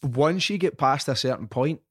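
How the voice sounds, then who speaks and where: A man's voice: mid-range voice, moderate pace, no room sound. A Scottish man hosting a podcast, chatting casually and telling stories with plenty of swearing. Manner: swears freely, tells stories. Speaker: podcast host. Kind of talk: casual chat.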